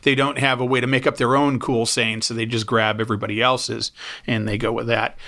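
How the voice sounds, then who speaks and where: A man's voice: medium pitch, little pitch movement, fairly quick, bright, forceful tone. A man hosting a podcast in casual chat, joking and self-mocking. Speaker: podcast host. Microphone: studio microphone.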